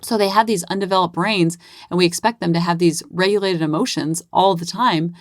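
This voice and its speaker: Brisk and on the low side, this voice belongs to a forties-something woman storytelling solo on her parenting podcast. The studio-quality audio has no room sound, and she's animated, acting out dialogue and peppering her chat with "like."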